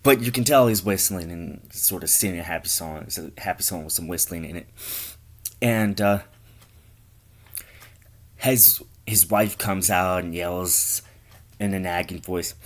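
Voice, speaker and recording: A man's voice: low voice, a little slow, long pauses. A man improvising a crude comic story, rambling and stammering as he goes. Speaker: comedy storyteller.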